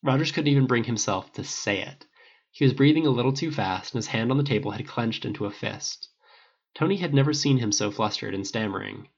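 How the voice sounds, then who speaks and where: Guy narrating fanfic, steady, rough husky voice, muffled lo-fi audio. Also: medium pitch, fairly quick. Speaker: audiobook reader. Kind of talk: reading fan fiction aloud.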